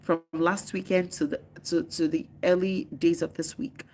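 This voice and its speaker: A woman's voice: lowish voice, little pitch movement, normal speed, a little mellow, slight background noise. A Nigerian woman in her living room, chatting casually on a phone live stream, teasing viewers and answering their comments aloud. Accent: Nigerian English.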